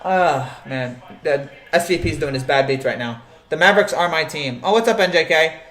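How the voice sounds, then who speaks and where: A man's voice: on the high side, moderate pace, fairly bright tone, echoey room. A man hosting a casual live sports show, rambling and joking as he answers the chat, with many restarts and fillers.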